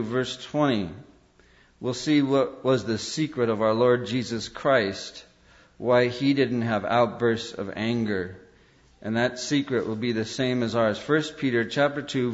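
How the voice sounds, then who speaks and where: Animated male preacher, lo-fi recording. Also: mid-range voice. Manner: animated storyteller acting out quotes. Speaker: pastor. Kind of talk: sermon. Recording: dull lo-fi sermon recording.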